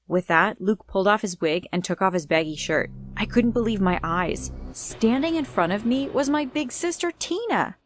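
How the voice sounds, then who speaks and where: A woman's voice: mid-range voice, expressive, moderate pace, no echo. A young woman giving a dramatic first-person storytime narration. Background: faint music.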